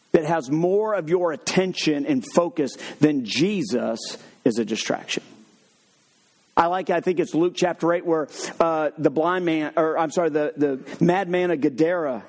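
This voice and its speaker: A man preaching a sermon, mixing funny stories with slow, emphatic points. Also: a little high. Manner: lively, humorous storytelling with sudden drops to slow emphatic points.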